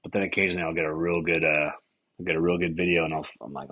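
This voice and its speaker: A man hosting a casual podcast, rambling through a comedic monologue with lots of swearing and animated acted-out quotes. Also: sits low, very fast. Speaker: podcast host.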